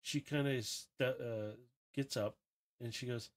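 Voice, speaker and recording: A man running a tabletop game as game master, narrating scenes in a relaxed, loose, descriptive way. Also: medium pitch, slow pace.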